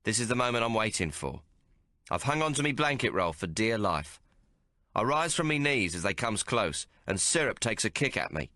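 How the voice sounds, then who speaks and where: A man narrates an audiobook in the first person, keeping to rough, colloquial frontier dialect. His low voice is bright and lively in pitch, and the recording is dry and close. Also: normal speed, no echo.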